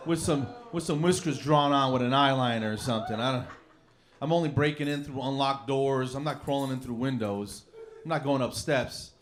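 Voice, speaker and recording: A man doing a rambling, self-mocking stand-up set on a comedy club stage with a handheld mic. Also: medium pitch. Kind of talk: stand-up routine.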